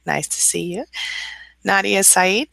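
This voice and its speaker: A woman's voice: medium pitch, takes it slowly, gravelly, bright, forceful tone, dry recording. A woman hosting a casual live-stream hangout, greeting viewers by name and reading their comments aloud. She says she is a little tired this morning. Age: adult with school-age children.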